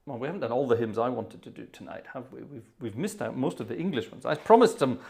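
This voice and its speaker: A man's voice: mid-range voice, animated, fast, gravelly, warm tone. Jovial rambling male organist host. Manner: jovial, rambling, chuckling asides. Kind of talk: casual live-stream chat between pieces. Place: hot indoor room at an organ console.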